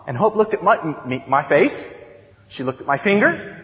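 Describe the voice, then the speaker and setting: A man in his thirties preaching a sermon as youth director, telling stories with animated, acted-out voices, heard in a church sanctuary. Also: high voice, a little fast. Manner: animated storytelling, acts out excited voices. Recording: dull sound with long church reverb.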